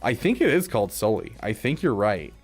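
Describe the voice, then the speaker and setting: A male streamer with a low voice chats casually with his viewers. He rambles, trips over his own sentences and laughs often, with faint music playing behind him. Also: very animated, fairly quick, husky. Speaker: streamer reading chat. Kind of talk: casual live-stream chat.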